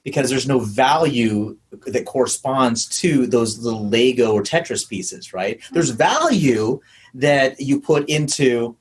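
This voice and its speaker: A husky-voiced man hosts a podcast conversation, asking curious follow-up questions. He thinks out loud, circling back and restarting his sentences. His pitch stays in an ordinary middle range. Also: unhurried. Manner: probing, thinking aloud with restarts. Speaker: podcast host. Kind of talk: conversational interview.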